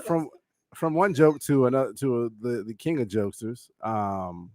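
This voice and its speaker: A man's voice: mid-range voice, expressive, normal speed, mellow. A man co-hosting a casual podcast, rambling with many fillers and restarts and laughing often. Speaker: podcast co-host. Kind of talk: casual chat.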